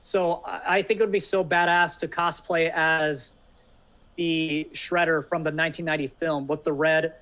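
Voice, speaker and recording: A man's voice: fairly high pitch, level tone, normal speed, bright, forceful tone. A man co-hosting a casual podcast, chatting with enthusiasm and many fillers. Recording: dull lo-fi audio.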